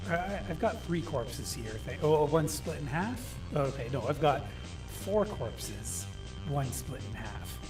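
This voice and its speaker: A man narrating as game master in a casual, halting way with many fillers. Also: on the high side, animated, music in the background.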